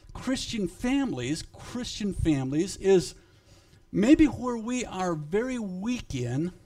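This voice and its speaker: This male pastor's voice sits high as he delivers a sermon to his flock. His delivery is forceful with shifting loudness, and unscripted moments bring hesitations and repeated words.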